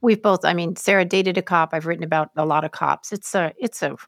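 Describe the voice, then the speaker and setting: A middle-aged woman co-hosting a podcast, chatting in an animated way with many restarts and asides. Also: fairly low pitch, fairly quick, no echo, clean studio sound. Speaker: podcast co-host. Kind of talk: casual chat.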